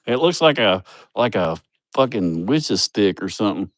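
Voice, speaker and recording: A man talks into his phone outdoors at a building site, rambling and salty, laughing at his own stories. His voice sits on the low side, and the sound is dry and close with no room around it. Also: big pitch swings, a little slow, no room sound. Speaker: vlogger showing a building project. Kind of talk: casual livestream chat.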